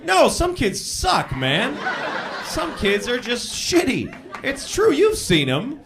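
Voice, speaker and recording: A man's voice: extremely high pitch, wildly swooping pitch, slow pace, noisy background. Blunt, profane stand-up comic man. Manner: blunt, profane, wildly swinging delivery. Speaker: stand-up comedian. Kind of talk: stand-up comedy routine. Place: live comedy stage. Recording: live stage recording with crowd laughter.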